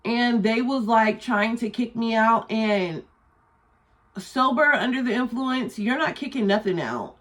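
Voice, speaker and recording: A young adult woman telling a storytime vlog in a blunt, animated, profane way. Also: on the high side, a little slow. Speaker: vlogger.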